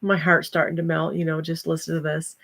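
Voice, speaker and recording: A woman's voice: low-pitched, little pitch movement, brisk, creaky, fairly bright tone. An older woman hosting a livestream, chatting casually with viewers and breaking into folksy exclamations. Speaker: livestream host.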